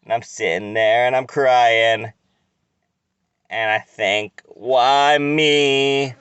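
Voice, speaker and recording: A man telling a crude, rambling comic story in a deadpan way. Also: mid-range voice, extremely slow, smooth, no room sound. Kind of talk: comic monologue.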